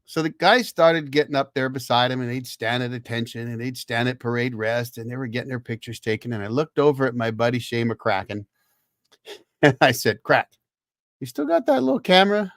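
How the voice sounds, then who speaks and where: A mid-range, steady voice at a moderate pace belongs to a Marine veteran in his fifties hosting a livestream. Relaxed and salty, he spins a folksy yarn peppered with swearing and laughter, recorded dry at studio quality.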